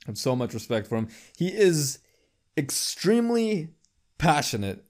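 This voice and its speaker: A young man hosting a podcast, chatting casually in a rambling, profane way and jumping into high squeaky voices for quips. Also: big pitch swings, a little fast. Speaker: podcast host. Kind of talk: casual chat.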